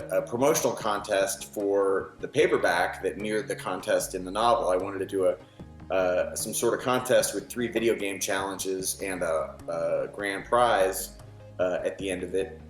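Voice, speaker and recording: A man, a novelist, speaking in a documentary interview, relaxed and halting with many fillers. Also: fairly low pitch, faint music behind. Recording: roomy echo.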